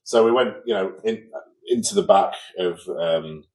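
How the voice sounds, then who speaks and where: Man, very low voice, casual podcast chat, lively storytelling. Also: measured pace, poor audio. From England. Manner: storytelling, acts out quoted people. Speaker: podcast co-host.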